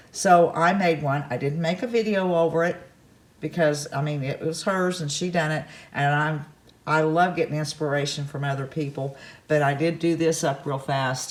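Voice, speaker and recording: A woman hosting a crafts vlog from her home kitchen, chatting casually to camera in a rambling way with folksy asides. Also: low-pitched. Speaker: crafts vlogger host.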